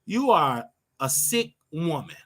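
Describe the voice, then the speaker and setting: Brash, bright-voiced older male show host. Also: fairly high pitch. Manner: brash, animated and scolding, drawn-out emphatic words. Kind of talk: casual commentary monologue.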